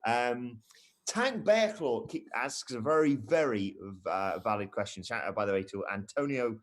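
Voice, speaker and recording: A man's voice: medium pitch, animated, moderate pace. A young man co-hosting a live stream, casually reading viewer comments aloud with jokey asides.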